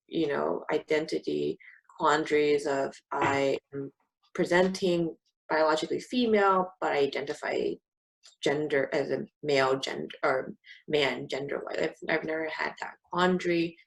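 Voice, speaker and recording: A woman's voice: sits low, fairly even intonation, measured pace, vocal fry, poor audio. A young woman from California, talking candidly on a casual podcast with a sarcastic edge. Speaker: podcast co-host. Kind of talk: casual conversation.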